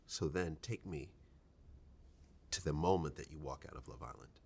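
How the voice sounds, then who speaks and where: Male podcast host with a very low voice, halting questions that repeat words. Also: a little mellow. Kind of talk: interview questions, conversational.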